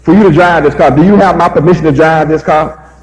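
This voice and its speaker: A man's voice: a little high, fairly even intonation, quick pace, darkish tone, big-room sound, natural voice, low-quality recording. A man voicing a mocking, bullying male police officer who threatens to jail a driver. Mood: taunting. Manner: mocking, domineering.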